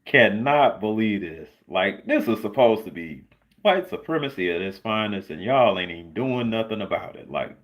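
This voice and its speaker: A man talks on his own livestream in a loose, sarcastic way, often pausing on "um" and "like". His voice sits a little low and swings widely in pitch as he gets worked up. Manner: sarcastic, animated, lots of filler words. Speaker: livestream host. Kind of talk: casual solo livestream commentary.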